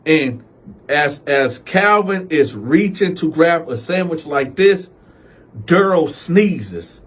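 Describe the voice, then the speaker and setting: A man tells a casual story with lots of slang and animated delivery, voicing each character in turn. His voice sits high for a man and has a husky grain. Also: takes it slowly. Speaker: storyteller host.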